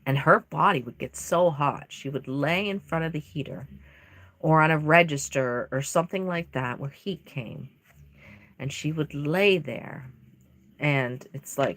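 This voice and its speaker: A woman's voice: low voice, measured pace, a bit bright. A woman chatting casually and emotionally on a livestream from her home craft room while she paints, rambling with many fillers. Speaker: reborn doll artist livestreaming. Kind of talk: casual live-stream chat while painting.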